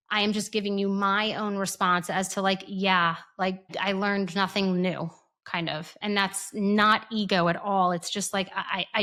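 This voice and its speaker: Woman, thirties, parenting host; blunt and candid, casual swearing, lots of restarts, middle pitch. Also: fairly bright tone. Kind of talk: casual opinion monologue.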